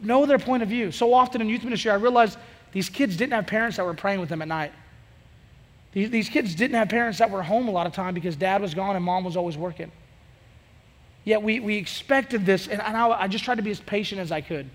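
Fast, high-voiced energetic preacher man. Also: long reverb tail. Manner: energetic, conversational, acts out dialogue. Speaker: youth pastor. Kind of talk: sermon.

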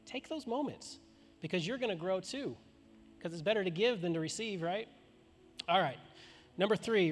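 A man's voice: high voice, animated, brisk, faint music behind. Casual male preacher in an echoing hall. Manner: casual and conversational, with rhetorical questions. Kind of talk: sermon. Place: church auditorium. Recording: long reverb of a large hall.

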